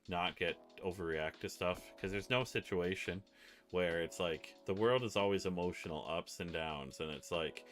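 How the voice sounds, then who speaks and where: A man hosting a casual livestream, rambling and telling stories with quick voice impressions. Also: low-pitched, fairly bright tone, faint music behind. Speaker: livestream host.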